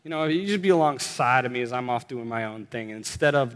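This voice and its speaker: A man preaching in a conversational, earnest way that builds to emphatic bursts. His mid-pitched voice carries a long hall reverb. He sounds like a pastor addressing his congregation. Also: lively intonation, fast talker, hardly any pauses, fairly bright tone, clean tone. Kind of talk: sermon.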